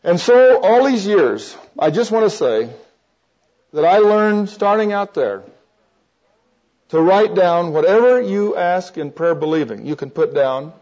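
A man's voice: fairly high pitch, a little slow, a little mellow. An older man preaching, telling a personal testimony as a rambling storyteller with many restarts and chuckles. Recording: dull lo-fi recording.

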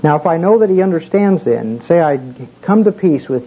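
A man's voice: on the high side, animated, moderate pace. A man preaching a casual sermon, telling a personal story in a folksy, conversational way with many fillers. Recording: muffled with faint background hiss.

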